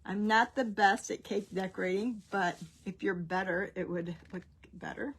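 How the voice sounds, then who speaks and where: A woman's voice: mid-range voice, normal speed, fairly bright tone, breathy edge. A woman in her fifties, a grandmother, chatting and rambling through a DIY craft tutorial and laughing often as she tells family stories.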